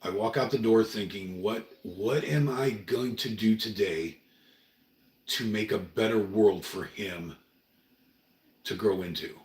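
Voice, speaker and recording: Brief: middle-aged man, low and earnest, talking a bit off-mic in a roomy home room. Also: slow, recorded from a distance. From Oregon, USA. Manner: earnest, rambling, emotional. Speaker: livestream host. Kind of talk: casual livestream monologue.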